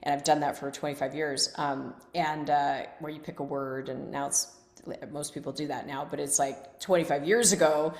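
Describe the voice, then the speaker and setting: Brief: lower-pitched woman guest, chatty and animated storyteller, roomy echo on the voice. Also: normal speed. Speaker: coach and guest. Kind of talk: casual interview talk.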